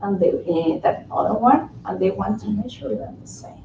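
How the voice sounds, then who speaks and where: A woman whose first language is Spanish joins a group discussion, talking earnestly in quick bursts. Her voice is mellow and she is heard from far across an echoey room. The audio is dull and lo-fi. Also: mid-range voice, expressive, vocal fry, slight background noise. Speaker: workshop participant.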